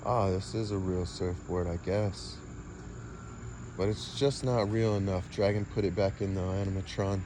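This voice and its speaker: A man's voice: deep voice, steady tone, moderate pace, noisy background. A man rambling through a casual, half-improvised monologue, drifting from one fanciful idea to the next and swearing mildly now and then. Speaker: vlogger.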